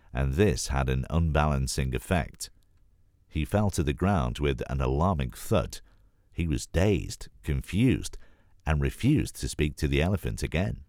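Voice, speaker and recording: Man reading a storybook, extremely deep voice, calm, dry close sound. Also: dry recording. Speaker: narrator.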